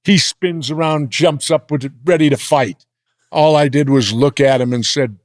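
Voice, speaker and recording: An older American man telling blunt, gruff stories in a sit-down interview. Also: medium pitch, normal speed, dry recording, clean studio sound. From United States. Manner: gruff, blunt anecdotal storytelling. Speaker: interview guest. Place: indoor interview set.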